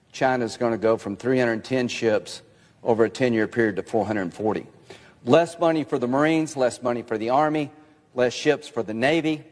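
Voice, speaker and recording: Man, politician, insistent speech, long reverb, played-back clip. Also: mid-range voice.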